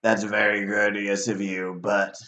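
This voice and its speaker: A man voicing a scheming, menacing chain devil who speaks slowly and low, with a threatening hiss. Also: monotone, sharp tone. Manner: slow, low, threatening, sometimes hissed. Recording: dull lo-fi audio.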